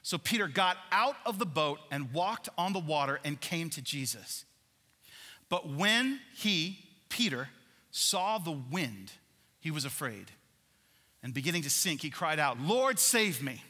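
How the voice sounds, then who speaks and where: Guy preaching a sermon, kinda high bright voice, big echoey church hall. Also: a little slow. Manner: animated, asks the congregation questions. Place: large church worship center. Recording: long hall reverb in a church.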